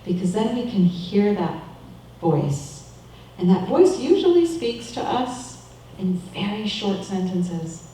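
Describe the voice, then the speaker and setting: A middle-aged woman giving a calm, measured, reflective sermon as a minister. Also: medium pitch, far from the mic. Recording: echoey room, voice from off-mic.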